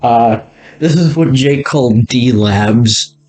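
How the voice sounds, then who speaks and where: A man's voice: mid-range voice, slow, darkish tone, faint music behind. A man giving a casual, rambling walkthrough, laughing often and trailing off mid-sentence. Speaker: video creator touring an old game world.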